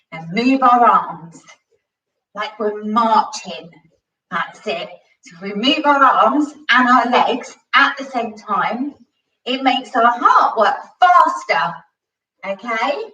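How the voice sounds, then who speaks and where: A woman's voice: medium pitch, a bit bright, reverberant, far from the mic, low-quality recording. A woman coaching a children's home workout, cheerful and encouraging and a bit out of breath from exercising. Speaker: kids' gymnastics coach.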